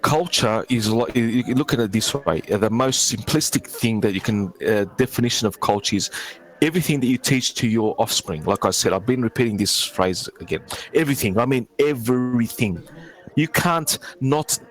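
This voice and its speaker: A man's voice: mid-range voice, animated, moderate pace, poor audio. Rambling man in group chat. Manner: rambling, stumbling over words. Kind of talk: casual group discussion.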